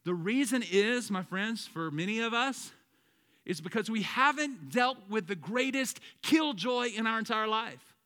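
A young male pastor preaching a sermon, swinging between loud emphatic lines and low quiet ones and calling on the congregation to respond. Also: expressive, measured pace. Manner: calls out to the congregation, asks them to repeat words.

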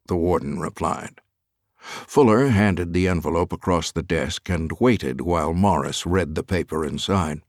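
A man narrating an audiobook thriller in an expressive, lively reading on a close studio mic. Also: deep voice, unhurried, no echo.

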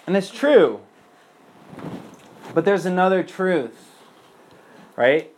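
A man's voice: high voice, sing-song, takes it slowly, slight background noise. A young man speaking as a priest, giving an earnest personal testimony in a loose conversational way. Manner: earnest and conversational, many fillers.

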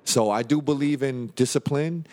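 A man's voice: mid-range voice, normal speed, a little mellow. A man in his thirties on a podcast, talking bluntly and emphatically with lots of profanity. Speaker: podcast co-host. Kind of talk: candid podcast conversation.

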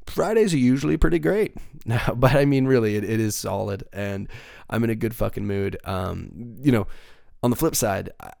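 A man's voice: medium pitch, vocal fry, a little mellow, no room sound, clean studio sound. A young man hosting a solo podcast, rambling and swearing in an upbeat, casual way. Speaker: podcast host.

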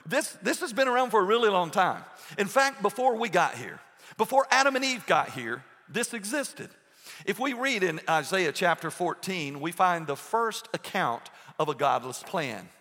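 A man preaching a sermon as pastor, earnest, with pauses and restarts. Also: high voice, very animated, pushed and bright, big-room sound.

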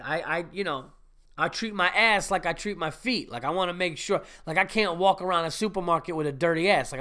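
Man, podcast host, high voice, bright tone, profane, indignant, casual storytelling. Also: smooth.

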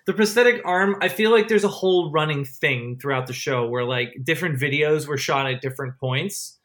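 A podcast co-host in casual chat, rambling and excitable, with many restarts. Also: mid-range voice, brisk.

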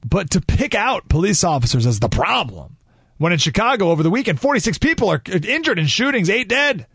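Male talk-radio host, fairly high voice, opinionated and emphatic, lots of restarts, studio mic. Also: big pitch swings, brisk, a bit bright, husky, no echo. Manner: ranting, emphatic, with restarts and asides. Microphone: studio microphone.

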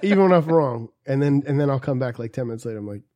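A man's voice: medium pitch, animated, rapid-fire, dark tone. A man in casual podcast chat, telling crude jokes and stories. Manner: crude, joking storyteller. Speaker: podcast co-host.

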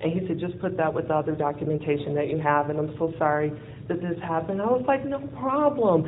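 A woman telling a personal story in a lively way, acting out what people said and laughing often. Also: low voice, quick pace. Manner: lively, acts out quoted dialogue, laughs often. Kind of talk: personal storytelling with a closing lesson. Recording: phone-like narrow sound with faint noise.

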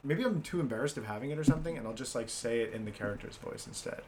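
Male co-host, mid pitch, easygoing improv chat, faint hiss. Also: expressive. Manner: casual, quick to agree and laugh along. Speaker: podcast co-host.

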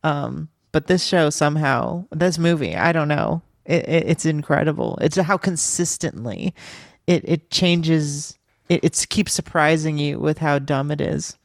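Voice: mid-range voice, unhurried, vocal fry, no room sound. A podcast co-host chatting casually in a mid-range voice. Their talk is loose and full of fillers, broken up by giggles. The recording is dry and close. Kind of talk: casual chat.

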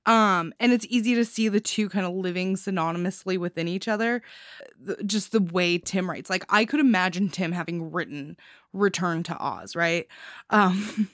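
A woman giving casual spoken reviews of anthology stories, giddy and quick to laugh, sometimes stumbling over her words. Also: mid-range voice, fairly bright tone, no echo, clean studio sound.

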